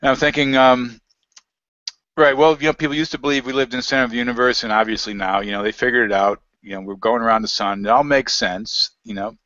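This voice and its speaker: A man's voice: medium pitch, fairly even intonation, fast, bright, forceful tone, no room sound. A man in casual conversation, rambling through anecdotes with frequent laughs. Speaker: guest researcher. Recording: dull lo-fi audio, dry.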